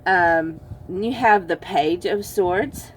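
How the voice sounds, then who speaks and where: Casting: woman tarot reader, unhurried and teasing, with soft room noise behind her. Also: fairly low pitch. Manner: chatty and teasing, laughs often, addresses viewers as y'all. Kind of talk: casual pick-a-card tarot reading.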